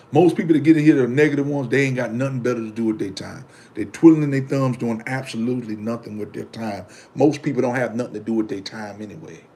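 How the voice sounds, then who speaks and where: A man's voice: medium pitch, dark tone. A man giving a casual, emphatic monologue to his viewers, preaching and repeating his points, speaking in loose slang and answering commenters. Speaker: vlogger.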